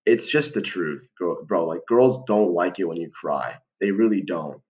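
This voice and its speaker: Young guy rambling to camera, low voice, tons of fillers, kinda muffled lo-fi sound. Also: animated, normal speed, a little mellow. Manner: slangy, many fillers and restarts, keeps saying "bro". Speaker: vlogger giving life advice. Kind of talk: casual talk to camera. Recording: dull lo-fi recording.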